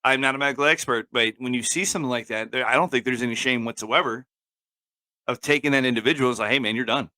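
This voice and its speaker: A man's voice: mid-range voice, fast, sharp tone, dry recording. A man co-hosting a casual talk show, swearing freely and working himself up to angry outbursts. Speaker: podcast co-host.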